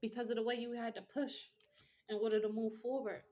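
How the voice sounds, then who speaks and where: A woman's voice: fairly high pitch, level tone, brisk, darkish tone. A woman giving a casual tarot reading with a blunt, profane pep-talk manner. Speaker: tarot reader.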